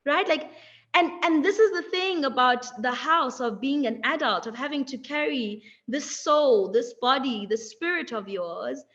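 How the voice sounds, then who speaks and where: A woman's voice: sits high, fairly bright tone, highs cut off. A young woman giving a reflective motivational talk in a webinar. She draws out her phrases and keeps checking in with "right?" and "like". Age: young adult. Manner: measured, drawn-out phrasing, frequent "like" and "right?". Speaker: webinar speaker.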